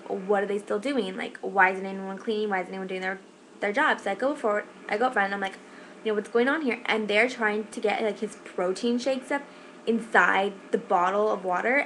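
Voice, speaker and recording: A woman's voice: medium pitch, a bit bright, slight background noise, rough recording. A young woman who manages a shift, telling a story in a casual vlog, rambling and exasperated, with lots of "like"s. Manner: fast, rambling, exasperated retelling with many "like"s.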